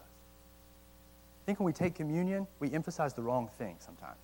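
A man giving a casual, conversational sermon to young adults, animated at times and slowing down to read old quotes aloud. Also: fairly high pitch, a little hiss or hum, rough recording. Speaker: college ministry teacher. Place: church meeting room.

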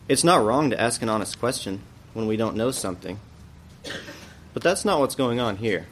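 A man's voice: on the low side, slight background noise. A man teaching an adult church Bible class, explaining a passage in a thoughtful way and often asking questions aloud.

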